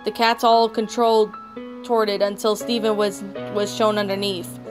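A woman's voice: mid-range voice, little pitch movement, normal speed. A woman reading a fan fiction story aloud, often stumbling and restarting words. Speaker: story narrator. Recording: background music throughout.

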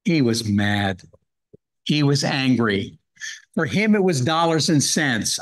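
A man's voice: medium pitch, animated, takes it slowly, poor audio. A man giving a Bible-hour sermon, earnestly reading scripture and explaining it verse by verse. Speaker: guest speaker at a Bible hour.

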